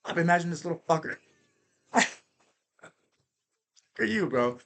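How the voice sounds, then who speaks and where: A man hosting a podcast, telling stories in an energetic, casual monologue that is full of profanity and tag questions like "right?". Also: a little high, moderate pace, long pauses. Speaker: podcast host.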